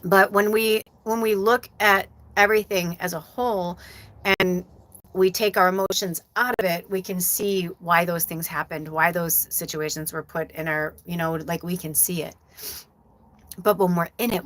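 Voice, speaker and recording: A woman's voice: fairly low pitch, a bit bright. A middle-aged woman hosting a live stream as a medium, talking casually and from the heart, rambling with many fillers.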